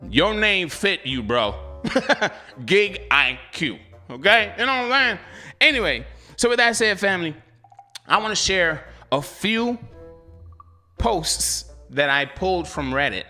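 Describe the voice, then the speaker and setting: A man's voice: high voice, expressive, a little slow, pushed and bright, faint music behind. A man hosting a delivery-driver channel, talking casually with viewers, laughing often in slangy banter.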